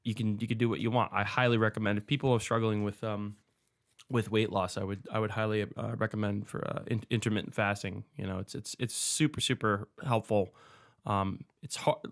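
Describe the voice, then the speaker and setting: A man talking casually as a podcast guest, loose and relaxed, with frequent fillers and restarts. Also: on the low side, brisk, gravelly.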